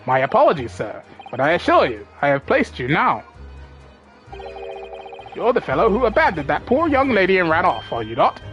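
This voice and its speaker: A woman voicing a polite, aloof English gentleman detective, speaking in a courteous, unhurried and dry way. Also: fairly low pitch, huge pitch swings, muffled recording, soft background music, pitched below the performer's own voice. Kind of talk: reading game dialogue aloud.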